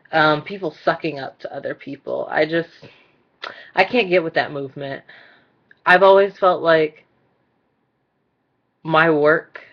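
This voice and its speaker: Blunt, monotone woman vlogger ranting. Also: low-pitched. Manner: mostly monotone, blunt and exasperated. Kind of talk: casual ranting vlog. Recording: dull lo-fi recording.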